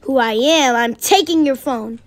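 A woman's voice: sits high, unhurried. A female speaker voicing a man who kidnaps a girl while posing as her grandfather, giving curt orders. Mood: bossy.

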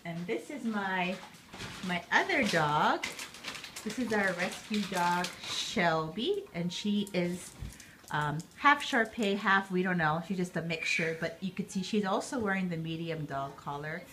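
A chatty woman with a fairly low voice films a quick review at home, talking into a handheld phone while her dogs move around her. She keeps stopping to fuss over them and fills her talk with ums. The recording is noisy, with clicks and scuffles in the background. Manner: chatty, distracted by lively dogs, many fillers. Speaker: vlogger reviewing pet products. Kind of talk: casual home product review. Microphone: handheld phone camera.

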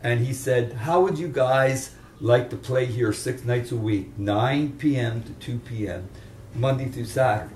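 With a measured pace and a darkish, medium-pitched tone, an older guitarist from near Chester, Pennsylvania shares meandering anecdotes in a relaxed interview. A far-off mic captures a roomy room, faint ambience, and slight hiss or hum.

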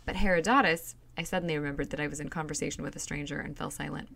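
A woman reading a novel aloud in steady, plain storytelling. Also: low-pitched, very fast, vocal fry, slight background noise. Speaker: reader.

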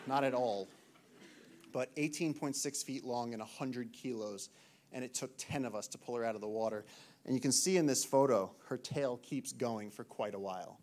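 A man in his thirties from the United States, a naturalist giving an animated storytelling talk to an audience in a lecture hall. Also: medium pitch. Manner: animated, acts out shouted quotes.

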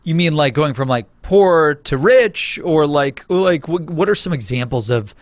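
A man hosting an interview, enthusiastic, with quick affirmations and halting restarts in his questions. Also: on the high side, animated, dry recording. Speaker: podcast host. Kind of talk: casual interview chat.

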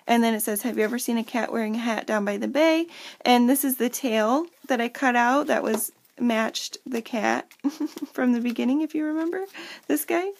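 A woman in her thirties talks through a handmade journal at home, chatty and full of little fillers. Her voice sits a touch high with a gravelly fry running through it. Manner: chatty, lots of fillers, talks to kids off camera. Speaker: crafter showing a handmade journal. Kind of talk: casual show-and-tell.

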